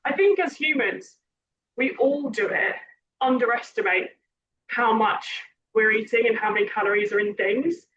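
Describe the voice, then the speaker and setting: High-voiced, slightly hoarse woman. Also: normal speed. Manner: chatty, rambling, self-correcting. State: slightly hoarse, losing her voice. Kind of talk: casual podcast chat. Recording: distant muffled mic with background noise.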